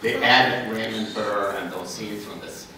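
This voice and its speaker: A man's voice: on the low side, steady tone, unhurried. An older man telling stories as a guest on a convention panel, chuckling and restarting his sentences often. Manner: rambling, chuckling, with many restarts. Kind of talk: panel Q&A storytelling. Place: large convention hall. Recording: echoey convention hall, noisy, from far off.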